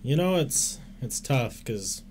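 A young man chatting casually as a podcast co-host, easygoing and agreeable, quick to laugh. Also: medium pitch, animated, darkish tone. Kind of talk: casual chat. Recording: faint background noise.

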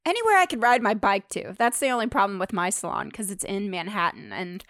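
A woman in her thirties with a mid-pitched voice talks in a wry, laid-back, joking way as a podcast co-host. Her voice is recorded close and dry. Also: animated, fairly quick, fairly bright tone, no echo. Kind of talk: casual chat.

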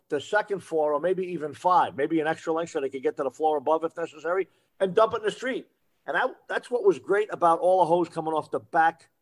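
Slightly high-voiced firefighter co-host. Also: male voice. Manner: explanatory, repeats phrases for emphasis. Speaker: podcast co-host, veteran firefighter. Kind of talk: casual shop talk.

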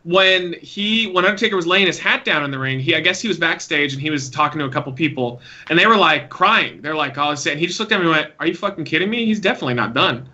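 A man co-hosting a casual podcast, telling stories in an animated way with some swearing. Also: a little high, fast talker, few pauses, dull audio. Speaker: podcast co-host. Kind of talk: casual chat.

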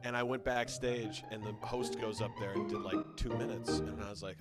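A man's voice: fairly low pitch, steady tone, fairly quick, hardly any pauses, music in the background. A man, a comedian and impressionist, chatting playfully on a podcast as a storyteller. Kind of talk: casual podcast chat.

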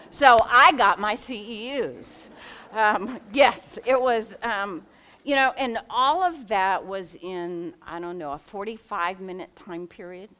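A middle-aged woman speaks in a candid, conversational storytelling voice, with fillers and false starts. Her pitch sits slightly low for a woman. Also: a bit bright. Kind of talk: personal storytelling.

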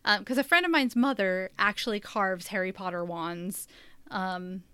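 A woman's voice: mid-range voice, moderate pace, bright, forceful tone, clear, resonant tone, dry recording. A woman in casual conversation, rambling with lots of fillers as she describes a trip. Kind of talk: casual chat.

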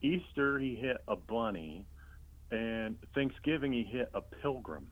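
A man, a comedian guest, telling comic anecdotes in an interview with a deadpan delivery and many fillers and restarts. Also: medium pitch, measured pace. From Illinois. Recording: dull lo-fi sound.

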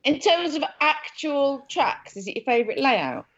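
A woman's voice: sits high, big pitch swings, normal speed, fairly bright tone. A woman, co-presenting and teasing her colleagues in a casual chat. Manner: teasing, chatty. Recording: muffled lo-fi recording.

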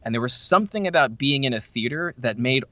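A man in casual conversation about movies, his voice bright and forceful. He gets animated, jumping high in pitch whenever he acts out his own reactions. The recording is dry and a bit dull, with no room sound. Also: brisk, dry recording. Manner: animated, jumps high in pitch when quoting himself. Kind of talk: casual film discussion.

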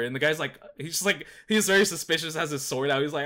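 A young man chatting casually, rambling and animated, with lots of fillers as he tells a story. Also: on the high side, fast talker, few pauses. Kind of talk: casual chat.

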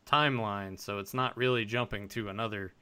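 A man's voice: on the low side, fairly even intonation, a little fast, pushed and bright, smooth. A man hosting a casual fan podcast, talking animatedly and swearing casually. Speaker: podcast host.

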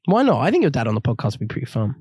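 A young man, co-hosting a podcast in crude, casual banter, laughing often and swinging between loud bursts and low mutters. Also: racing, breathy edge, dry recording, clean studio sound. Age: young adult. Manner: animated, jumps between shouting and low mumbling, laughs often. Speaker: podcast co-host.

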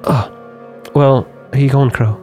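A man's voice: medium pitch, steady tone, a little slow, a little mellow, faint music behind. Laid-back male game master. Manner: laid-back, slangy banter with narration. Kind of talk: narrating a tabletop game.

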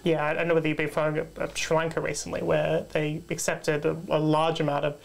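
A man's voice: a little high, completely flat delivery, fast, gravelly. A man interviewing a guest, asking thoughtful questions with some hesitation. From Australia. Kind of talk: conversational interview.

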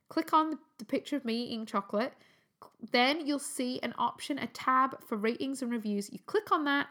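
A woman's voice: on the high side, normal speed, a bit bright. A young adult woman from England hosting her own health podcast, chatting upbeat and casual with frequent ums. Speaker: podcast host. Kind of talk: solo health podcast chat.

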